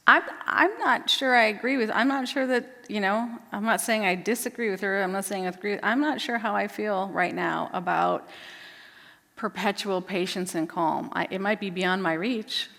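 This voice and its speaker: A woman's voice: on the low side, fairly bright tone, long reverb tail. A woman moderating a book discussion, speaking candidly and reflectively and asking the group many questions.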